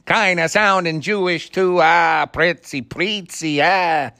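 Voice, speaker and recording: This is a sneering send-up of a male film star chewing on a put-on Italian accent, as a man impersonates him. The drawl is slow and stretched out, sitting noticeably higher than the speaker's usual low register. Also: vocal fry, bright, forceful tone, full character voice. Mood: mocking.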